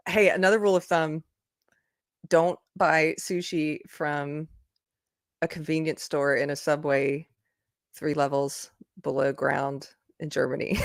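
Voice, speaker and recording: A woman with a low voice hosts a relaxed livestream, chatting loosely, wandering into asides and breaking into laughter. The sound is dry and close, with little room around it. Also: measured pace, long pauses, dry recording. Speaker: livestream host. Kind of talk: casual live chat. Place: indoors, upstairs room.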